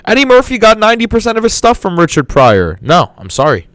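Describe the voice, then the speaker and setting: A man's voice: high voice, huge pitch swings, fast talker, a bit bright, dry recording. A man hosting a podcast in a casual monologue, rambling and repeating words with enthusiasm. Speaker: podcast host.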